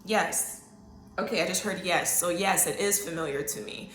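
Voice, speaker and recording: A woman hosting a solo podcast in a loose, chatty way. She often checks in with her listeners with an okay. Her voice is bright and a little low, and the room around her is echoey. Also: normal speed, a little hiss or hum. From Canada. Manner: casual, chatty, talks to listeners directly with many okays. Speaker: podcast host. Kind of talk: solo psychic-reading podcast talk.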